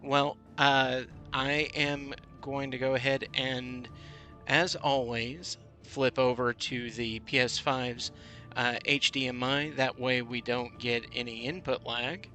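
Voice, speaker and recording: A man's voice: mid-range voice, steady tone, takes it slowly, pushed and bright. A man streaming a video game, chatting casually with viewers with many fillers and restarts, over faint game music. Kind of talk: casual gameplay commentary.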